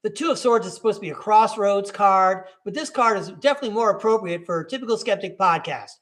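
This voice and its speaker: Upbeat high-voiced man reading tarot. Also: quick pace, fairly bright tone. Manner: upbeat and encouraging, addresses the listener directly. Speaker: tarot reader and podcast host. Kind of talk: live tarot reading, casual chat.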